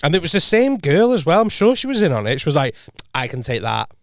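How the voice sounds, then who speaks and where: A man's voice: high voice, sing-song, fast talker, dry recording, clean studio sound. A young man, co-hosting a podcast and telling a rambling story full of restarts and acted-out quotes. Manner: rambling, many restarts, acts out quoted voices. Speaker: podcast co-host. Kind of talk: casual storytelling chat.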